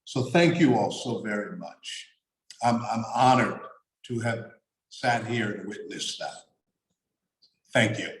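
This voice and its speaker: A man's voice: fairly low pitch, lively intonation, takes it slowly, long pauses, reverberant, rough recording. A man hosting an online event, speaking with frequent exclamations. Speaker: event host. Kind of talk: casual hosting.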